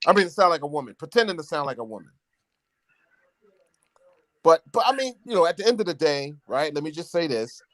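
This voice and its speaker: A man with a fairly high, very lively voice argues his views in casual chat, laughing between his points. His voice sounds dry and close. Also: brisk, long pauses, no room sound.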